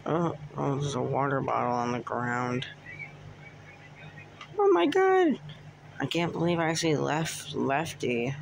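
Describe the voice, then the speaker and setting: A man casually narrating a plush skit, excitable and breaking into whoops and cheers. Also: medium pitch, moderate pace, vocal fry, few pauses, background noise. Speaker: plush video maker. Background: music.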